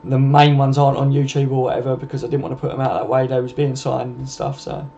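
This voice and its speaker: Man, mellow tone, casual chat, faint noise behind. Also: medium pitch, flat delivery, fast talker, creaky. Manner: chatty, matey, addresses viewers as mate. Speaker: host. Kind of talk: casual live-stream chat reading comments. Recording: dull lo-fi home stream with faint noise.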